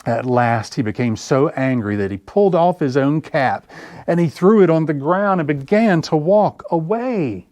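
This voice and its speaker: A man's voice: fairly high pitch, no room sound. Man reading picture books aloud. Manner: slow, expressive storytelling. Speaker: children's librarian. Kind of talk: picture-book read-aloud.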